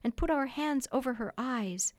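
A woman's voice: high voice, moderate pace, dry recording, pitched above the performer's own voice, natural voice. A woman voicing a brash boy, a young scoundrel, close to her own voice.

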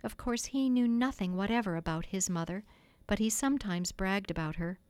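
Woman storybook narrator, measured, mid-pitched, dry booth sound. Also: a little mellow, clear, resonant tone, dry recording. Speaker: audiobook reader.

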